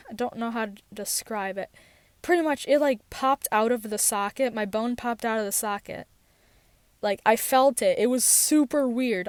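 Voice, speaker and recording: A woman's voice: medium pitch, clear, resonant tone, no room sound. A teenage girl telling a personal story in a rambling, casual way, with many fillers and restarts, recorded in a parked car. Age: teens. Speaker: podcast host.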